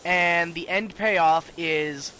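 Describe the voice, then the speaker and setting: A man's voice: a little high, steady tone, very slow, pushed and bright, a little hiss or hum, poor audio. A man rambling casually and profanely about horror shows while playing a video game. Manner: rambling, profane, full of restarts. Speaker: gaming video host.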